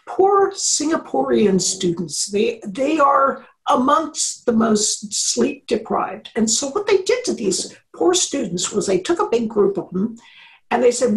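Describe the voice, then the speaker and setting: A middle-aged woman professor talks through how learning works, with a slightly high voice. She explains in a lively, conversational way and slips into playful quoted voices as she goes. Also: measured pace, poor audio. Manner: animated explainer, acts out quotes. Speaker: engineering professor, interview guest. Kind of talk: conversational interview.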